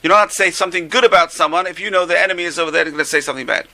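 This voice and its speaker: A man's voice: high-pitched, rapid-fire, bright, forceful tone. An older man teaching an informal religious class, a chatty, joking storyteller.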